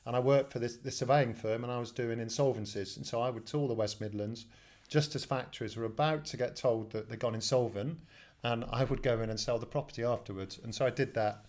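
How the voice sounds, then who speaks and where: A man's voice: mid-range voice, steady tone, brisk, darkish tone. A man in his fifties from England, a studio guest telling his career story in a chatty, self-deprecating way with many restarts. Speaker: guest, telecoms director. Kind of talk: casual storytelling interview.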